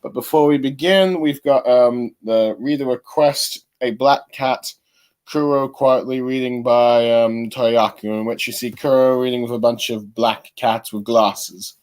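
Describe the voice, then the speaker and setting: Man, host of a casual comic review, rambling, halting, lots of fillers, average pitch. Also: fairly even intonation, darkish tone.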